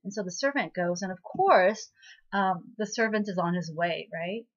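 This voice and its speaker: A woman's voice: fairly low pitch, moderate pace. Woman rambling through a drama recap, lots of um and you know, kinda muffled lo-fi sound. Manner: chatty, full of fillers and asides. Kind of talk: casual spoken recap. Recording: slightly muffled lo-fi recording.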